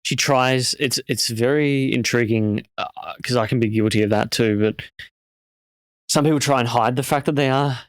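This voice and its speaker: A man's voice: mid-range voice, fairly even intonation, moderate pace, clean tone, dry recording. A man hosting a casual interview, talking in a reflective, hesitant way. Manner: reflective, hesitant, many fillers and restarts. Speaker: podcast host.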